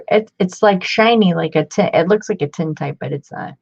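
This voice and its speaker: A woman in her fifties, chatty and excitable, showing off old books in a casual vlog. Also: fairly low pitch, moderate pace, gravelly, husky. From Ohio. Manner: chatty, excitable, muttering asides. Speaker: book collector vlogger. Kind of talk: casual show-and-tell. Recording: dull lo-fi home recording.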